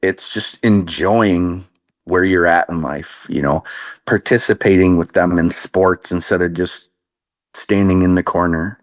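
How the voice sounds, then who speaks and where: In a deep, fairly even-toned voice, a man in his thirties from Minnesota earnestly shares his path to recovery as a guest in a laid-back conversational interview. He talks at a measured pace, often restarting and using fillers, and the sound is free of echo.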